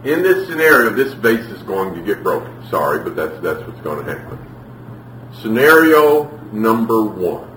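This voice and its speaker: A man's voice: fairly low pitch, slight background noise. Preacher man echoing from far off. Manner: animated storytelling, acts out quotes. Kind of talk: sermon. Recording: echoey room, from far off.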